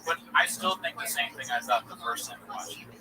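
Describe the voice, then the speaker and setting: A man's voice: on the high side, a little fast, over music. A young man co-hosting a livestream podcast, rambling and joking with casual swearing. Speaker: podcast co-host. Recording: distant mic, noisy background.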